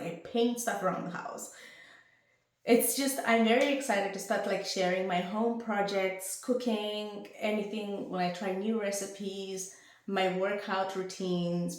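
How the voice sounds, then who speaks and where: A young woman chats to camera from her home in a loose, rambling way, her mid-range voice jumping up with bursts of excitement. The sound rings around a very echoey room. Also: mid-range voice. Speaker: vlogger. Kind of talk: casual chat to camera.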